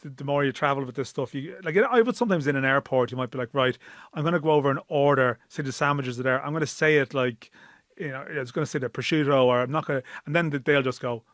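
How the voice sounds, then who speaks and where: A man's voice: medium pitch, quick pace, a bit bright, dry recording, clean studio sound. A man with an Irish accent talking sport on a podcast in a thoughtful, rambling way. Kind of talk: casual sports podcast chat.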